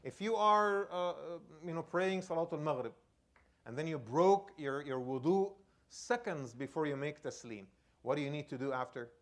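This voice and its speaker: The imam, a man, tells a personal story within his sermon at a normal speed. He's animated, alternating between loud eruptions and low, hushed moments.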